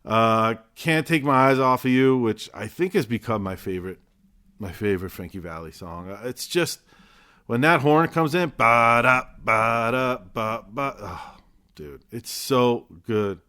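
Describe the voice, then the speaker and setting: A man's voice: medium pitch, animated, moderate pace, fairly bright tone. A man casually reviewing a live show for his vlog, talking in a loose, rambling way with the odd swear word.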